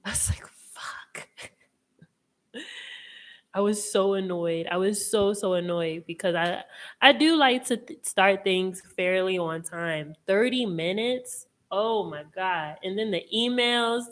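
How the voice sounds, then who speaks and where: A woman's voice: mid-range voice, a little slow. A woman hosting a live tarot chat, talking casually in a rambling way, laughing often and swearing freely. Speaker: host and tarot reader.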